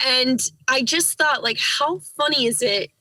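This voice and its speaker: Bright-voiced young woman, chatty. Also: high voice, measured pace, low-quality recording. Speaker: podcast co-host. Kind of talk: casual chat.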